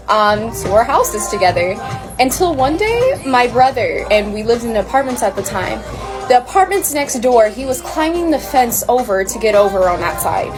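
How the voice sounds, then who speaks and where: A woman telling a casual storytime, chatty and animated. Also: on the high side. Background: music.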